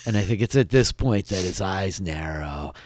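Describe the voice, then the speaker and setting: A man's voice: low-pitched, animated, normal speed, a little mellow, no room sound. A man narrating a tabletop game as game master, in a casual way full of filler words.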